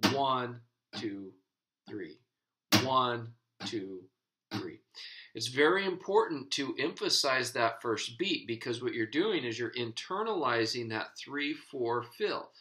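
A man gives a guitar lesson in a bright, forward voice. He explains things patiently and counts the beats out loud as he strums. The delivery is steady and instructional. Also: mid-range voice, low-quality recording. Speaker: guitar teacher.

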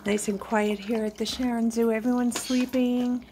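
This woman's voice is a little high and mellow, with a level tone, moderate pace and slight background noise. She's a pet vlogger filming at home at night, using a sing-song baby voice on her pets while casually chatting with her viewers.

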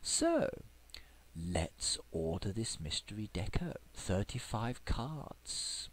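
A man giving chatty gameplay commentary, playfully excited, with squeals of delight and sudden whispers. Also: fairly low pitch, slow, a little hiss or hum. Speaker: game video creator.

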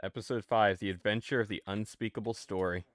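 A man hosting a game stream in casual, excitable chat, breaking into playful exclamations. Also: lowish voice, brisk, no room sound, clean studio sound. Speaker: streamer and host.

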